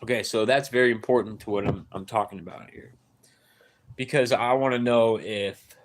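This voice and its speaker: A man on a live stream, rambling through a story with many restarts and tag questions, getting louder and higher as he gets worked up. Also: normal speed, slight background noise. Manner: rambling, repeats "right?" and "dude", many restarts; grows loud and high-pitched when excited.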